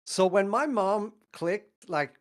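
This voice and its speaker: Animated Swedish-accented man telling stories. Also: slow pace. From northern Sweden. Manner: animated, acts out quotes with big pitch jumps, laughs often. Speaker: podcast co-host. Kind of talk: casual storytelling chat.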